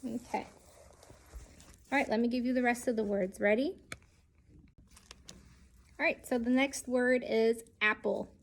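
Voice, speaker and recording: A woman's voice: a little high, fairly even intonation, measured pace, pauses often. A woman teaching a children's lesson, speaking patiently and sounding out each letter.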